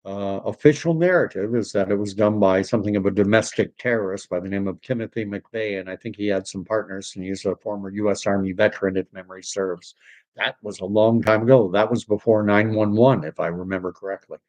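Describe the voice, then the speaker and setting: A man from Canada chats loosely on a livestream, reading out viewer comments and wandering from topic to topic. His voice sits a little low, and he sprinkles French words into his English. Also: steady tone, fairly quick, a little mellow. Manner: rambling, reads viewer comments aloud, mixes in French phrases. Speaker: livestream host reading chat. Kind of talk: casual livestream chat.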